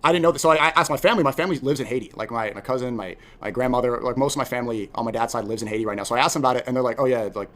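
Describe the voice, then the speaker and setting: A man's voice: medium pitch, rapid-fire, few pauses, a bit bright. A young man in casual chat as a content creator, talking emphatically and animatedly, often repeating words. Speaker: podcast guest, content creator.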